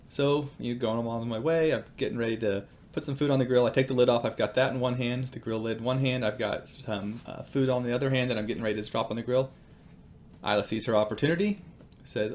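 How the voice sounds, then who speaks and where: A man's voice: mid-range voice, a little fast, a little mellow, a little hiss or hum. A man and father giving casual devotional teaching with personal stories, hesitant and full of ums and uhs.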